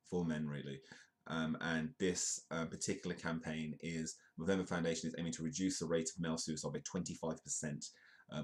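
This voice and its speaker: A man from the UK hosting a casual live comedy news stream, his voice hoarse, rambling with ums and restarts between jokey asides. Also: rumbling low, a little mellow. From United Kingdom. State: hoarse, voice sounds bad.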